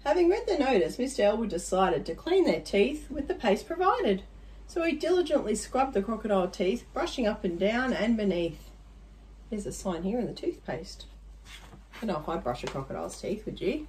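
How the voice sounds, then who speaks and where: A woman's voice: medium pitch, sing-song, normal speed, a little mellow. Woman reading a rhyming storybook. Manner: rhythmic rhyming reading with chatty asides to the listener. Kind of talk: reading a rhyming picture book aloud.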